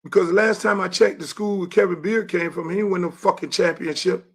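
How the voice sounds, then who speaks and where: A middle-aged man, hosting his show and ranting angrily about a coach in a profane monologue that rises into shouts. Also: sits high, steady tone, brisk, slightly rough. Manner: angry, profane, rising to shouts. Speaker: show host and youth football coach. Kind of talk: heated monologue.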